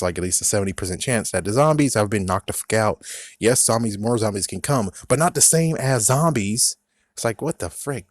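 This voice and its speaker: A man's voice: on the low side, no echo, clean studio sound. A young man in a profane, angry rant reviewing a video game, mocking its designers in put-on voices. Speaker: gaming vlogger.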